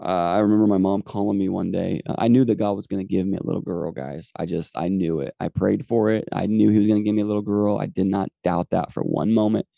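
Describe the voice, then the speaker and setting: A man's voice: sits low, steady tone, quick pace, gravelly, hardly any pauses, dark tone, no echo, highs cut off. A man in his forties, a podcast host telling a personal faith testimony in an earnest, rambling way with many fillers. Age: 40s.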